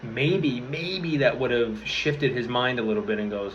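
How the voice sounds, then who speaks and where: A man's voice: medium pitch, unhurried, a little hiss or hum. Earnest swearing young man, lo-fi. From New York area. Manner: earnest, rambling, swears freely, restarts often. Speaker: vlogger. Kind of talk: casual motivational talk to camera. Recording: slightly dull lo-fi audio with faint room ambience.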